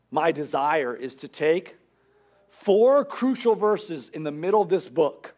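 A man's voice: a little high, darkish tone. A man preaching a Sunday sermon as pastor, earnest and conversational, building emphasis as he goes. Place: church.

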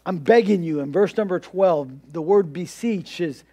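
A man's voice: high-pitched, unhurried, dark tone. A male pastor preaching a sermon in a conversational way, repeating words and asking rhetorical questions.

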